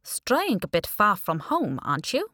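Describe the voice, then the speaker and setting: A woman's voice: medium pitch, wildly swooping pitch, unhurried, bright, forceful tone, no room sound, studio quality, exaggerated voice. A woman voicing a suspicious male coast guard officer with a Scandinavian accent and clipped questions.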